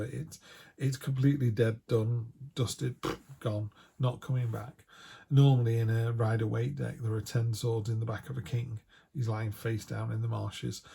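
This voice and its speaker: Gravelly, mellow-voiced man reading tarot. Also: mid-range voice. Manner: chatty, quotes imagined voices, frequent restarts. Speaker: tarot reader. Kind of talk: casual monthly tarot reading.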